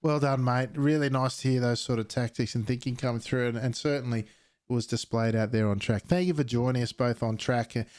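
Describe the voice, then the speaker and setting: A man's voice: mid-range voice, fairly even intonation, brisk, a little mellow, no echo, clean studio sound. A man, commentating sim racing and interviewing a driver in an upbeat, chatty way. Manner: upbeat, keeps saying "beautiful" and "mate". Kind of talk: post-race interview and commentary.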